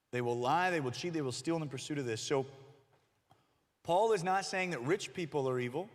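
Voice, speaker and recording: A man preaching a sermon to middle schoolers as their youth pastor, animated and acting out the voices he quotes. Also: on the high side. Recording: long hall reverb.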